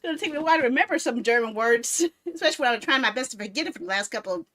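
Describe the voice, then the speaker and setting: A woman's voice: on the high side, lively intonation, racing, bright, forceful tone. A woman in her thirties streaming a casual chat, rambling playfully and laughing often. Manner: playful, silly baby talk.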